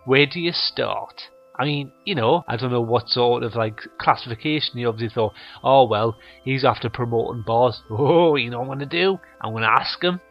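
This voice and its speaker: A man's voice: mid-range voice, fairly quick, vocal fry, highs cut off, faint music behind. A man hosting a comedy show, telling absurd rambling stories full of you know and like. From North East England. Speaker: comedy podcast host.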